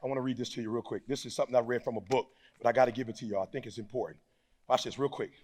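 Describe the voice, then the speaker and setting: A man giving a live motivational speech to an audience, moving from low, close talk to shouted call-and-response, in a preacher-like manner. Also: steady tone, very fast. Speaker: motivational speaker. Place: large hall before a live audience.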